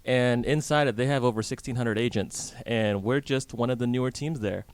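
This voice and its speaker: A man's voice: medium pitch, normal speed, smooth. A man being interviewed on the radio, talking casually and quizzing the hosts with questions as he explains his work. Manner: chatty, asks the hosts questions, restarts often. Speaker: real estate guest. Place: radio studio in a hotel.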